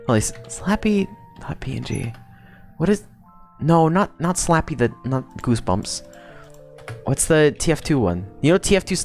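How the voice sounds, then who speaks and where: A young adult woman chatting casually on a livestream, rambling and swearing freely, with faint music behind her. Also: extremely low pitch. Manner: rambling, profane, quick to laugh. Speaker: streamer.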